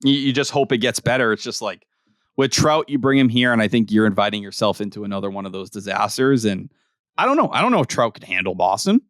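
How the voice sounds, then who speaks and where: A man co-hosting a podcast, talking sports in casual, profane, animated chat. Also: lowish voice, no echo, studio quality. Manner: animated, profane, rapid-fire opinions. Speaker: podcast co-host.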